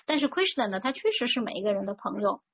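A woman's voice: mid-range voice, big pitch swings, fast, husky. A woman interpreting a religious talk phrase by phrase, fluent but with frequent fillers. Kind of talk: consecutive interpreting of a sermon. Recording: dull lo-fi recording with faint noise.

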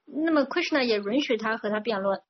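Brisk and fairly high-pitched, with lively intonation, a woman consecutively interprets a sermon one phrase at a time. She speaks fluently though with plenty of fillers, on a dull, lo-fi recording with slight background noise.

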